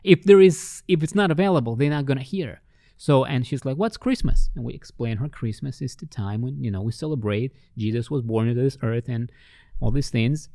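A man telling ministry stories in an interview, with lively storytelling that acts out the voices of the people he met. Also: a little fast, dry recording, clean studio sound. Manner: animated, acts out quoted voices with big pitch jumps. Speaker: ministry worker.

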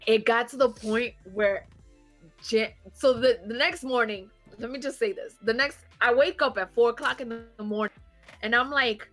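A woman in her thirties telling a rowdy story in casual chat, animated and swearing, laughing as she goes. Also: on the high side, normal speed, faint music behind.

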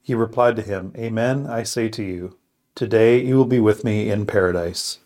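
A man's voice: lowish voice, a little mellow. A man praying, reading scripture aloud and reflecting in an earnest, thoughtful way. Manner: earnest, thoughtful, with pauses and restarts. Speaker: co-host of a scripture podcast.

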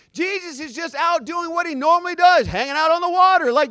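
High, bright-voiced male pastor preaching. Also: fairly quick, hardly any pauses, dry recording, studio quality. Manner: lively, joking storyteller who acts out scenes. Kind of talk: sermon.

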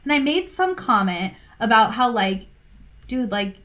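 A woman, a podcast guest telling personal stories in a casual, animated way, full of "like". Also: fairly high pitch, normal speed. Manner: animated, lots of "like", acts out quoted voices. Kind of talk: casual storytelling.

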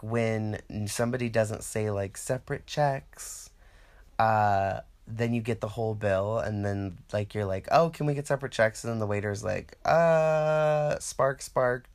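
Casting: man, low-pitched, loose and profane, comic rant that acts out other people's lines. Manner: rambling, profane, animated quoting of others. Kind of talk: casual comedic monologue.

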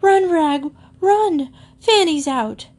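A woman voicing a frightened, whiny young boy who shouts and wails for help. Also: sits high, expressive, unhurried, pitched above the performer's own voice. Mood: panicked. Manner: shouting, wailing.

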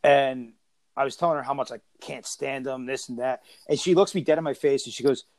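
A man co-hosting a podcast, telling stories in a profane, animated way in casual chat. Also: mid-range voice, a little fast, no echo. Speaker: podcast co-host.

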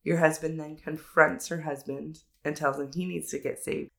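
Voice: medium pitch, little pitch movement, moderate pace, gravelly, fairly bright tone. A podcast host asking questions and recapping the story for listeners in a casual interview.

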